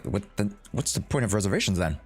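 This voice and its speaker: A man's voice: lowish voice, huge pitch swings, fast, darkish tone, soft background music. A young man streaming a live game reaction, talking casually in hyped slang and laughing often.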